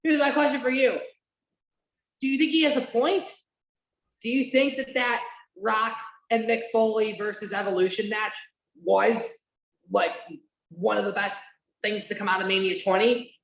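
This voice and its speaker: A woman hosting a casual podcast, talking at a middle pitch and rambling through fillers, restarts and the odd swear word. Her voice rings in a roomy, echoey space. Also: fairly even intonation, moderate pace, vocal fry, pauses often, slight background noise. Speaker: podcast host. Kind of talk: casual chat, watch-along podcast. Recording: roomy echo.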